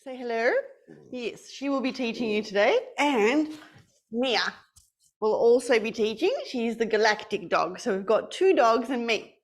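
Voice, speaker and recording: A young woman teaching an online class for children, telling a story in an animated, playful, sing-song way. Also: on the high side, a little slow.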